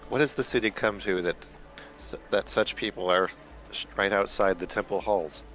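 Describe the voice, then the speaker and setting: A man's voice: on the low side, moderate pace, fairly bright tone, faint music behind, close to an everyday voice. A man voicing an earnest young traveler who speaks formally and hesitantly. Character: earnest young male traveler returning to a temple. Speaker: player. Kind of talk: in-character tabletop roleplay.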